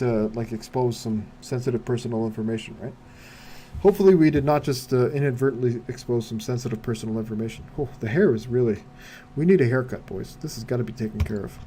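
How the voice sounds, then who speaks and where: A man's voice: mid-range voice, dark tone, a little hiss or hum. A man streaming a game live, muttering to himself in casual commentary full of wry asides and rhetorical questions.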